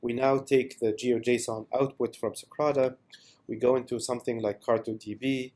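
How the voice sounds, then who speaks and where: Man narrating a software demo. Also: mid-range voice, little pitch movement, fairly quick. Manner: unscripted, many fillers, enthusiastic. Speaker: product presenter.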